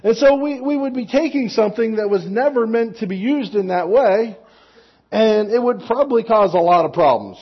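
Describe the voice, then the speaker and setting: A man's voice: sits high, animated, normal speed, husky, dull audio. A pastor in a church giving a casual children's sermon, asking the kids questions as he goes. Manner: casual, conversational, with rhetorical tag questions.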